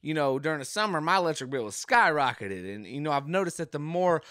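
Young guy, podcast host, slightly high voice, casual rambling comic delivery, dry close-miked sound. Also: lively intonation, fast talker, a bit bright, no room sound. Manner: rambling, jokey, does voices. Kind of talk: casual comedic monologue. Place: home game room.

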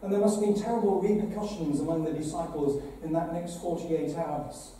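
A man's voice: a little high, fairly even intonation, fairly quick, hardly any pauses, warm tone. A man, a bishop, giving an earnest, conversational address to an assembly, with dramatic retellings. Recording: very echoey hall, voice from far off, faint noise.

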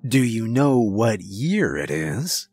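A man voicing a calm, compassionate police chief who speaks softly and gently. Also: on the low side, breathy edge, soft background music, full character voice. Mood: gentle. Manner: soft, gentle, measured.

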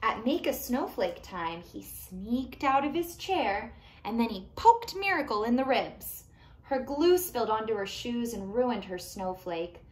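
A woman reading a picture book aloud to young children, animated and pausing to ask them questions. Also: a little high. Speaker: children's storytime reader.

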